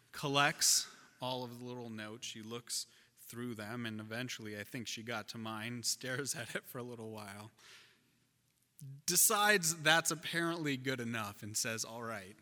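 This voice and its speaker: A man delivers a sermon in a church, his bright, forward voice rising and dropping as he tells a story. The sound carries a long, echoing reverb from the hall. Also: medium pitch, moderate pace. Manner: animated storyteller, shifts loud and soft. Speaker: pastor.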